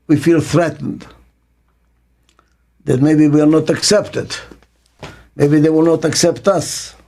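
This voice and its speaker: An older man, a business consultant, gives a reflective interview in a slightly high, warm voice. He speaks with emphasis and deliberation, repeating key phrases and asking rhetorical questions.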